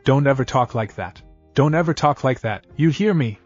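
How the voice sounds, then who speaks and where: A man reading the lines of a volatile young kunoichi woman, slightly raised in pitch. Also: brisk, darkish tone, highs cut off, soft background music, lightly acted. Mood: upset.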